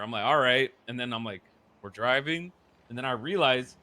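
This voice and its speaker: A young man casually recounting a roleplay story, profane and animated, dropping into low mutters when quoting people. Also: moderate pace. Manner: profane, animated, quotes others in muttered voices.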